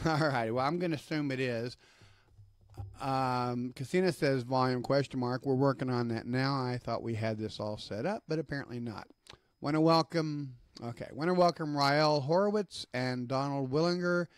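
Friendly Southern US man hosting a live stream, easy laugh, middle pitch, dry close mic. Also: dry recording. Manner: chatty and upbeat, laughs easily, lists greetings to viewers. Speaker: host of an online book-reading broadcast. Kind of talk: casual live-stream talk.

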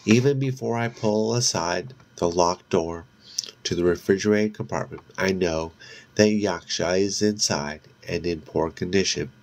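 A man reading a novel aloud as narrator, in a measured, steady way with occasional slips. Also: deep voice. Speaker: audiobook narrator.

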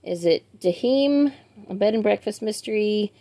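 A book vlogger with a medium-pitched, warm voice and lively intonation chats casually at a moderate pace while unboxing books. She reads the titles aloud and makes chatty asides, asking viewers to help with pronunciation; there is no echo.

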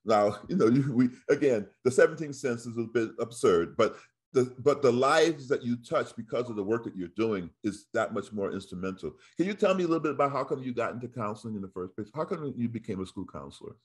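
A man hosting a casual interview podcast, encouraging his guest with quick affirmations. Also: mid-range voice, expressive, breathy edge. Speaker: podcast host.

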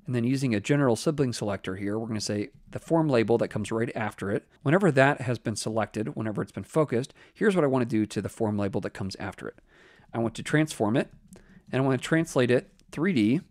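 A man explaining web code step by step in a relaxed screen-recorded tutorial, thinking aloud as he types. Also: mid-range voice, fast talker, no room sound, clean studio sound. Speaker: web development instructor.

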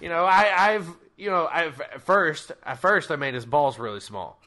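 A man's voice: fairly high pitch, lively intonation, moderate pace, bright, forceful tone. A man narrating as game master of a tabletop game, rambling and joking crudely between laughs.

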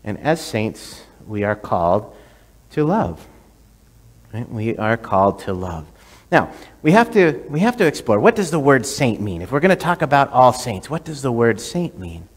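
A man preaches a sermon in a church sanctuary, his voice trailing off into long reverb. He tells stories casually, repeating words and tossing in "right?" to the congregation. His pitch sits in the ordinary middle range. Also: sing-song, moderate pace, husky. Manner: storytelling with many restarts and "right?" asides. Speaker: priest.

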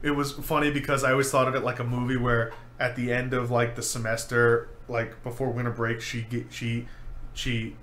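A man's voice: medium pitch, moderate pace. A young man co-hosting a podcast, telling a school story in casual chat and acting out the quoted lines with a lot of energy. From New York. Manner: animated storyteller who acts out quoted lines. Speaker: podcast co-host. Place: home room. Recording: echoey room with faint ambient noise.

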